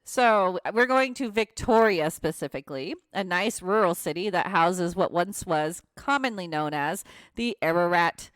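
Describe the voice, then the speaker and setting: Animated woman telling ghost stories. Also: lowish voice, unhurried, clear, resonant tone. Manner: animated storyteller, laughs often, asides. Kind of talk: casual chat, reading history notes.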